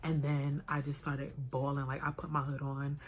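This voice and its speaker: A young woman vlogger telling a personal story in a casual, animated, chatty way. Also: rumbling low, normal speed, slight background noise.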